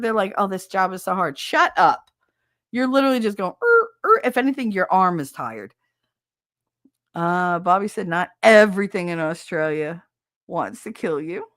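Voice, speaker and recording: A brash woman with a lowish voice hosts a casual livestream chat and swears freely. The sound is dry and close, with no room around it. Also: moderate pace, a bit bright, dry recording. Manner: brash, swearing, laughing, mimics accents. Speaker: podcast host reading chat.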